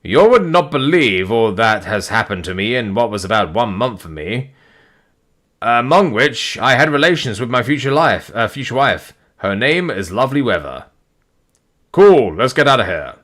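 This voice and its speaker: A man's voice: medium pitch, big pitch swings, moderate pace, a bit bright. A man reading as an eager, boastful comic hero. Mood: excited. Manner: eager, self-important.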